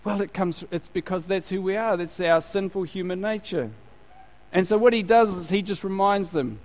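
A man's voice: sits high, normal speed, darkish tone, rough recording. A man from New Zealand preaching a sermon with energy, laughing and slipping into put-on voices to make his points. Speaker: pastor.

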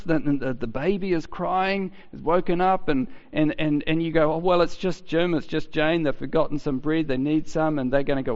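A man preaching a sermon in a chatty, halting way, often restarting his sentences. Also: a little high. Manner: conversational, halting with many restarts. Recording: dull sound with long hall reverb.

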